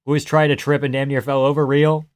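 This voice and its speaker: Commentating a fight on his livestream, a young man swears freely, shouts tips at the fighters, and bursts into frequent laughter. He talks quickly in a mid-range voice with a clear, resonant tone.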